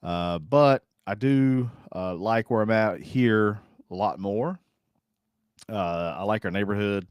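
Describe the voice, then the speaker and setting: A man's voice: lowish voice, slow, darkish tone, smooth, no room sound. A man hosting a casual live stream, rambling in a folksy way and reading viewer comments aloud. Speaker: host.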